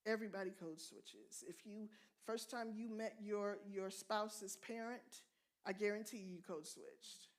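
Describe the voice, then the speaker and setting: A middle-aged woman from the United States speaking at a church conference, direct and candid, telling stories with animated asides. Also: mid-range voice, unhurried.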